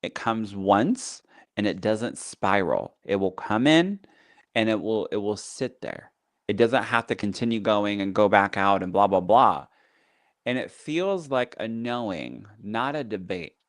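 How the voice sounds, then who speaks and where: A man's voice: fairly low pitch, animated, unhurried, no room sound, clean studio sound. A man who teaches as a psychic medium, talking casually on a podcast in a chatty teaching tone full of fillers.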